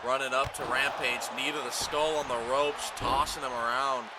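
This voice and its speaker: Guy doing wrestling play-by-play for a game, calls moves fast, gets loud on near-falls, noisy game audio behind. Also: mid-range voice, fairly even intonation. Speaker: play-by-play commentator. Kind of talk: video game wrestling commentary.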